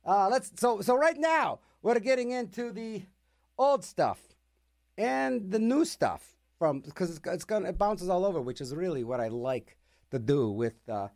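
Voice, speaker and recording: A man's voice: sits high, animated, measured pace, darkish tone. A man hosting a radio music show, chatting casually between songs with rambling, sarcastic jokes. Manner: rambling, jokey, sarcastic asides.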